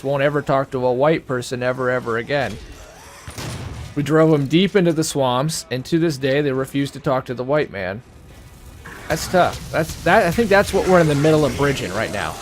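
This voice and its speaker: A man's voice: mid-range voice, slight background noise. Rambling, swearing man chatting over a game. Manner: rambling, earnest, swears freely. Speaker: let's play co-host. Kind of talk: casual chat while gaming.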